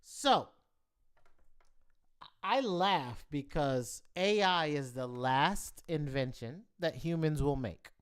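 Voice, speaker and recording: A man hosting his own live stream in a heated, profane rant. His pitch swings widely as he punches out his points. He talks at an unhurried pace. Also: smooth. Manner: animated, profane, heated rant with bursts of emphasis. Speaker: livestream host. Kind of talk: ranting live stream commentary.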